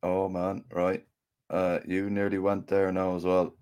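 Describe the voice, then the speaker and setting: A man's voice: low-pitched, completely flat delivery, measured pace, a little mellow, clean tone. A man co-hosting a casual podcast, joking and chuckling along with the others. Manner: jokey, chuckling. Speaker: podcast co-host. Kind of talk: casual chat.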